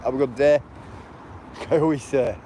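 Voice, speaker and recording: A chatty man strolls outdoors and talks to his livestream viewers through a handheld phone. His voice sits at an ordinary middle pitch, and he cracks jokes and laughs easily. Faint background noise from outside runs under his voice. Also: unhurried, mellow. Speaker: livestream vlogger. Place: outdoors, walking. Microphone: handheld phone camera.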